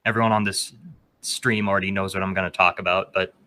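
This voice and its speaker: A young man with a low voice and a bright, forceful edge hosts a casual podcast chat. He rambles and fills his talk with "uh" and "like". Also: flat delivery, quick pace, a little hiss or hum. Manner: rambling, full of filler words. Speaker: podcast host.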